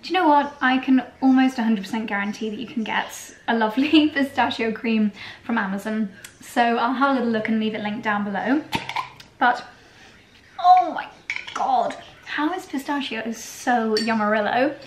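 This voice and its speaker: A young British woman with a slightly high voice chats in a bubbly, giggly way while she makes a drink in her kitchen. She talks to her viewers casually and throws in playful made-up words. The kitchen gives her voice a roomy echo, with a faint hum in the background. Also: moderate pace. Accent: British English. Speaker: lifestyle vlogger. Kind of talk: casual kitchen vlog chat. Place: home kitchen.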